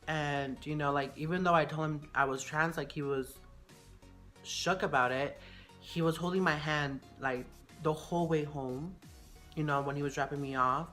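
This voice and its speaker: A woman's voice: deep voice, a bit bright. A young woman telling a personal story in a casual, frank way, full of "you know" and "like".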